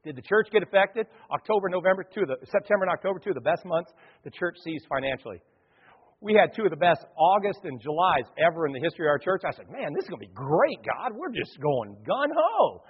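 A male pastor delivering an animated sermon, acting out the voices of the people in his stories. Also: high-pitched, fast talker, slightly rough. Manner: animated preaching, acts out quoted voices. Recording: dull sound, long hall reverb.

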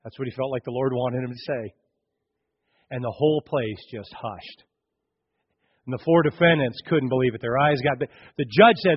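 A man preaching a sermon as pastor, dramatic, swinging between loud and hushed. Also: mid-range voice, moderate pace, pauses often, breathy edge, muffled recording.

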